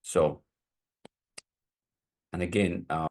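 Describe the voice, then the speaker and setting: A man speaking as a business coach, pitching his mentorship in a casual, rambling way and sometimes searching for words. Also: fairly even intonation, drawn-out words, vocal fry, darkish tone. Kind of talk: sales pitch to viewers.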